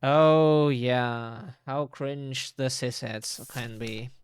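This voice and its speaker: A man's voice: mid-range voice, drawn-out words, clear, resonant tone, dry recording. A man streaming a horror game live, commenting in sarcastic, exasperated asides.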